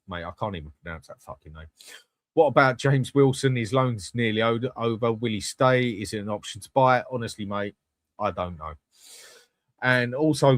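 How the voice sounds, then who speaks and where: A man hosting a live stream, talking straight to his viewers in a blunt, chatty way. He swears freely and keeps his voice at an ordinary middle pitch. The sound is dry and close, with no room echo. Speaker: host of a live fan channel. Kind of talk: live-stream chat reading comments.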